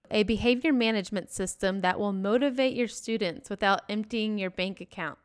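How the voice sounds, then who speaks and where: Upbeat woman podcast co-host, clear voice. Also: mid-range voice, a little fast, few pauses. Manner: upbeat, laughs easily. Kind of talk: casual podcast chat.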